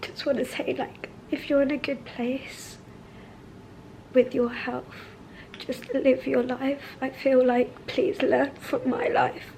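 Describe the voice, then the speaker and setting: A woman talking candidly in a personal vlog from a hospital room, soft-spoken and halting, trailing off and restarting her sentences. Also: sits high, little pitch movement, creaky, slight background noise, low-quality recording. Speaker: vlogger.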